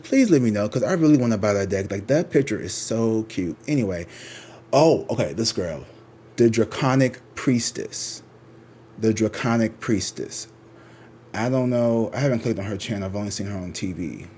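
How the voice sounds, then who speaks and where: A man's voice: lowish voice, a little mellow, slight background noise. A man who reads tarot, chatting casually and rambling to his viewers, slangy and swearing freely. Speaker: tarot reader.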